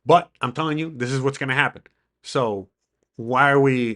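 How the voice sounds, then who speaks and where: A man vlogging, telling a story to camera in an excitable way, swearing freely and acting out what people said. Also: mid-range voice, normal speed. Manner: excitable, swearing, acts out the quoted dialogue.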